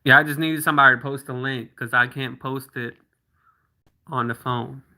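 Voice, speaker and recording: Bright-voiced man chatting on a livestream. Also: mid-range voice, fairly even intonation. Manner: chatty, reads out viewer comments and answers them; slows down to spell out links. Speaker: livestream host. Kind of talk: casual livestream chat with viewers.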